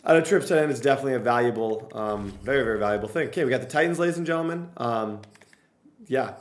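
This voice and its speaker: A young man giving casual gameplay commentary as a gaming video creator, excitable and repetitive, cheering his own plays. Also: mid-range voice, quick pace. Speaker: gaming YouTuber. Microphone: desk mic, no face cam.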